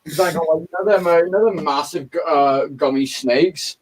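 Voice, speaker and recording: A man's voice: on the high side, normal speed, a little hiss or hum. A man hosting a casual movie chat, rambling with stammering restarts and swearing freely.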